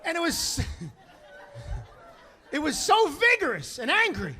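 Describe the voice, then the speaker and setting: High-pitched, lively stand-up comedian. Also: male voice, slow, long pauses, some chatter behind. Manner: animated, profane, acts out voices. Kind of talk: stand-up storytelling. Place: comedy stage before an audience.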